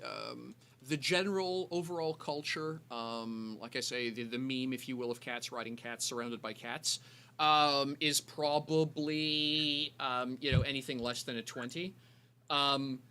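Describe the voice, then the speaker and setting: A man's voice: mid-range voice, sharp tone, smooth. A man narrating a tabletop game as game master, rambling with many fillers and restarts.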